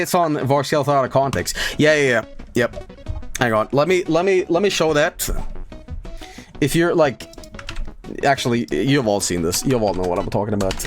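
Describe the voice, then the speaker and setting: A young man chats on a live stream, casual and profane, rambling through anecdotes and slipping into silly high voices.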